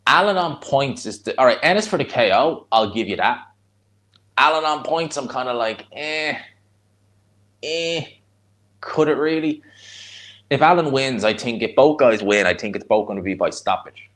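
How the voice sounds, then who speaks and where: Mid-range in pitch, animated and a bit bright, a Dublin-accented man from Ireland speaks at a moderate pace. As host of a live fight watch-along, he comments casually and stays chatty, blunt and rambling, answering chat between reactions.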